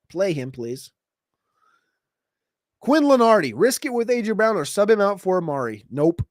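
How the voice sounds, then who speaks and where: A man hosting a casual livestream Q&A, answering viewer questions in a quick, chatty way with sudden jumps in pitch. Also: very animated, dry recording, studio quality. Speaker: fantasy football show host.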